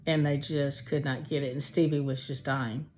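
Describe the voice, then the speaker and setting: A woman telling a heartfelt personal faith testimony, slowly and with many pauses. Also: deep voice, fairly even intonation, darkish tone. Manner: slow, heartfelt storytelling with pauses. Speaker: testimony speaker.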